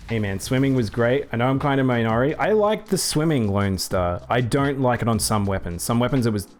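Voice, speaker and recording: A man's voice: mid-range voice, animated, brisk, a little mellow. A man streaming a game, chatting casually and rambling with lots of fillers while he plays. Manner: rambling, filler-heavy, thinks aloud while playing. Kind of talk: casual gameplay chat.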